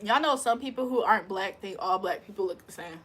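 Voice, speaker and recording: A woman's voice: medium pitch, fairly quick, fairly bright tone, husky. A woman livestreamer in casual chat, teasing and laughing as she answers viewer comments. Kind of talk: casual live-stream chat.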